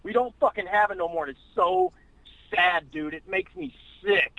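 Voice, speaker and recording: A man's voice: very high voice, big pitch swings, normal speed, creaky, fairly bright tone, no echo, poor audio. A man in a podcast co-hosting chat, telling a boastful story and ranting in a brash, profane, macho way. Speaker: podcast co-host. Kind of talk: boastful comic rant.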